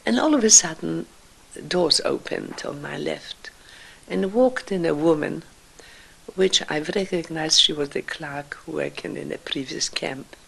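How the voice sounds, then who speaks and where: Older woman, slow halting testimony, gravelly fry, breathy whispers. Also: low-pitched, fairly bright tone, rough recording. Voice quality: gravelly, husky voice. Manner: slow, emotional, halting delivery with whispered passages. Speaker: Holocaust survivor speaker. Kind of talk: personal testimony.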